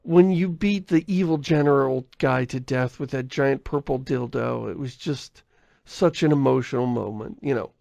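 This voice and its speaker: Gravelly man rambling on a podcast. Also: mid-range voice, normal speed, a little mellow, dry recording. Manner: rambling, self-interrupting, laughs often; reads listener mail aloud. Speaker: podcast host. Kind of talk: casual podcast chat.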